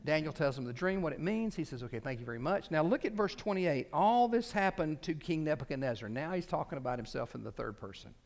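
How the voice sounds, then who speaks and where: A man preaching a sermon in an animated, conversational way. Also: on the high side, a little fast, vocal fry, hardly any pauses. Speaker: pastor.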